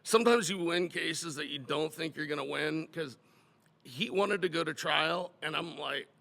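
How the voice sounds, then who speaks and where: A man co-hosting a casual chat, talking in a relaxed, conversational way. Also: fairly high pitch, normal speed, creaky. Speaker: podcast co-host, defense lawyer.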